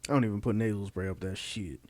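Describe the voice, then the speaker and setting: A man's voice: fairly low pitch, steady tone, fast talker. A man co-hosting a casual podcast, chiming in with short, laid-back replies and interjections. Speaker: podcast co-host. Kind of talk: casual chat.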